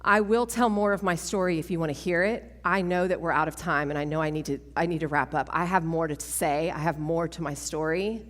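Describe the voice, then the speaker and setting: A woman, giving a testimony talk at a women's church event, animated and self-mocking, laughing often. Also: sits low, fairly quick, few pauses. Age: 40s. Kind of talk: sermon-style testimony talk. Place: large church hall. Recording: long church hall reverb.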